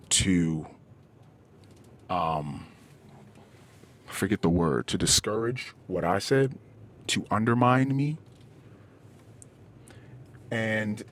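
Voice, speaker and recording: A middle-aged man hosting a podcast, telling a personal story in a candid, halting way, often restarting and searching for words. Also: on the low side. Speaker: podcast host. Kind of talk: personal confessional podcast monologue. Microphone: podcast microphone, self-recorded.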